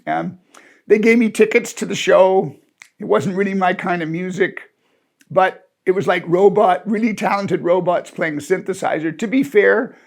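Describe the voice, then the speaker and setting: A man in his sixties telling an amused, rambling personal anecdote in a chatty way. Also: high-pitched. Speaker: storyteller. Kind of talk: casual anecdote.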